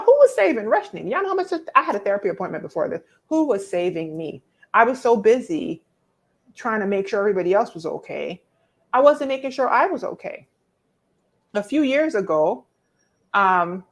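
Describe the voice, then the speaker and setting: Expressive woman coaching on a live stream. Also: mid-range voice, normal speed. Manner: expressive and preacherly, teasing viewers by name, emphatic repetition. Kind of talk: casual live-stream coaching talk, reading viewer comments.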